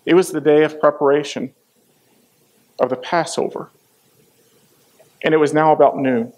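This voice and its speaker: A man's voice: on the high side, fairly even intonation, normal speed, a little mellow. A man preaching a sermon, retelling a Bible story and acting out its quoted lines with dramatic emphasis.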